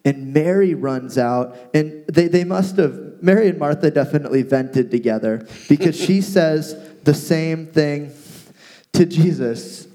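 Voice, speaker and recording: Animated man retelling a Bible story. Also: on the high side, unhurried. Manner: animated storyteller, paraphrases with playful asides. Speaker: podcast co-host teaching from the Bible. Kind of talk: casual Bible teaching chat.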